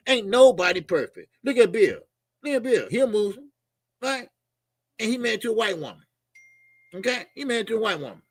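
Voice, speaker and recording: A man's voice: sits high, animated, moderate pace, bright, forceful tone, husky, no room sound. A middle-aged man hosts a casual boxing livestream. He talks loose and profane, laughs a lot and reads out viewer comments and donations.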